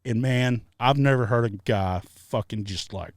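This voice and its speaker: A man co-hosting a podcast, telling stories in casual chat, animated and profane, shouting out the lines he quotes. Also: mid-range voice, a little slow, dry recording. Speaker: podcast co-host. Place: treehouse hangout.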